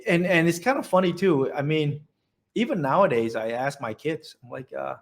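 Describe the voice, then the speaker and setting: A man in his forties from central Vietnam with a Vietnamese accent, telling his story in an oral history interview, halting and restarting often. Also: medium pitch, gravelly. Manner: halting, many restarts and repeated words.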